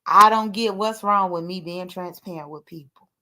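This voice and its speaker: A woman's voice: lowish voice, normal speed, bright, forceful tone. A woman, talking candidly and emotionally to her livestream viewers in a rambling way. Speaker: livestream host. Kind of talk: casual livestream talk.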